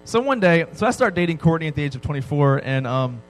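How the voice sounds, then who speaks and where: A man with a slightly higher voice preaching to a young crowd. He jokes, tells stories and keeps asking "right?" A faint music bed runs under him. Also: fast talker, poor audio. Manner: joking, animated storytelling with frequent "right?" asides. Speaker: pastor. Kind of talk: sermon to a youth audience.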